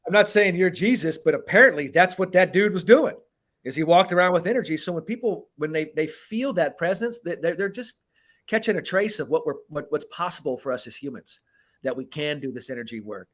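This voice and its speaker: A man's voice: on the high side, brisk. Profane, emphatic male podcast host. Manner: emphatic, profane, animated delivery. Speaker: podcast host and performance coach. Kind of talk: casual podcast conversation.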